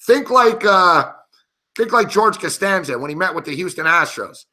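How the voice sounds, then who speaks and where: A middle-aged man hosts a sports betting show and tells brash, profane stories in casual chat. His voice is bright and forceful and sits a little high, and he laughs as he talks. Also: expressive, moderate pace.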